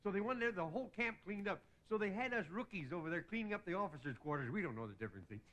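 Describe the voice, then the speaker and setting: A man's voice: high voice, animated, fast talker, a bit bright. A man hosting a comedy show, telling folksy joking army stories in a stand-up monologue and chuckling at his own lines. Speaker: comedian host. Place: TV studio stage before a live audience.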